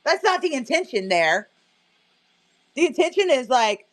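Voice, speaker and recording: A woman's voice: high-pitched, big pitch swings, a little slow. A woman selling on her live stream, chatting casually, laughing often and answering her viewers' comments. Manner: laughs often, chatty and amused, reads chat aloud. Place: her home, indoors.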